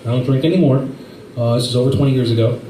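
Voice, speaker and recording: A man doing a stand-up set, telling rambling stories in an animated way with silly voices. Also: mid-range voice, fast. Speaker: stand-up comedian. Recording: echoey room from far off with faint noise.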